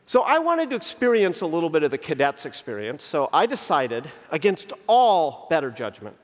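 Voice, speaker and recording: A man in his fifties speaks from a stage at a conference, with a fairly high voice for a man. His keynote is full of story, with dialogue acted out and key lines drawn out slowly. A long hall reverb trails behind every phrase. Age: 50s. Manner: animated storyteller who acts out dialogue and slows down for emphasis. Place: large conference venue.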